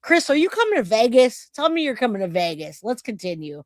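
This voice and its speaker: A man's voice: extremely high pitch, big pitch swings, brisk, no echo. Chatty man hosting a true-crime stream, dry close sound, thanks his chat by name. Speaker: livestream host. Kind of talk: casual true-crime livestream.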